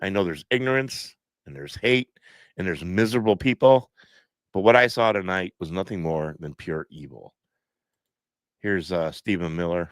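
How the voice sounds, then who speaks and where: A man's voice: low voice, moderate pace, no echo. A man hosting a live stream from home, stuffed up, talking in a preachy, repetitive way and reading viewer comments aloud.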